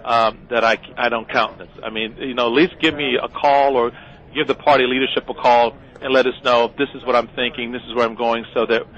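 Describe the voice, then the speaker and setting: A man's voice: medium pitch, fairly even intonation, fairly bright tone. Indignant man on a dull broadcast clip. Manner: indignant, measured, with fillers. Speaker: party chairman. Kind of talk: TV news interview.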